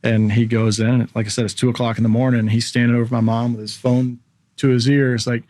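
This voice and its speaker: A man around forty, a former baseball pitcher, telling a story as a podcast guest and acting out the voices of people in it. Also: fast talker, dry recording, studio quality. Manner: animated storyteller, acts out quoted voices. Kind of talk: casual storytelling interview.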